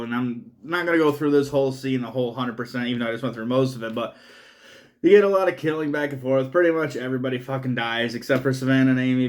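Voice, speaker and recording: A man recaps a horror film in a loose, casual review. He swears freely and laughs his way through the story, wandering from point to point. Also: mid-range voice. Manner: profane, laughing, rambling recap. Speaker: movie reviewer.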